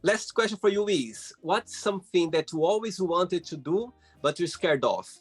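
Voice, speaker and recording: A man's voice: high-pitched, lively intonation, normal speed, breathy edge, faint music behind. A man hosting a casual interview, asking questions with frequent hesitations and fillers. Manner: hesitant, filler-heavy phrasing. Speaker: host.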